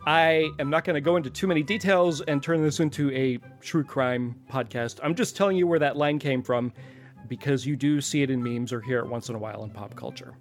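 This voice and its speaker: Chatty podcast host man, mid-pitched voice. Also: fairly quick, faint music behind. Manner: chatty, digressive, asks himself questions aloud. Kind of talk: casual explanatory podcast talk.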